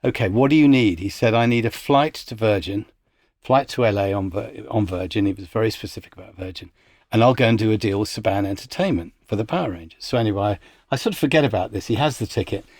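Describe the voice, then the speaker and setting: A man's voice: lowish voice, quick pace, no echo, studio quality. A man who works as a music industry executive, telling stories as a podcast guest and livening up when he quotes others. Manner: anecdotal, animated when quoting others. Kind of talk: casual storytelling interview.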